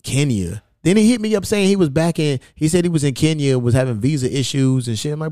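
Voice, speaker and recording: A man's voice: fairly high pitch, animated, quick pace, few pauses, dark tone, no echo, studio quality. A man hosting a podcast in casual chat, telling stories bluntly and cursing constantly. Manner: blunt, profane storytelling. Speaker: podcast host.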